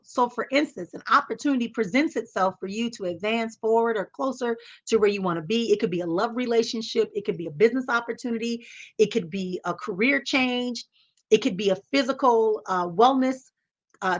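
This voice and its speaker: A woman's voice: fairly high pitch, bright, forceful tone. A woman hosting a motivational talk, speaking in an emphatic, repetitive teaching cadence. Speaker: host.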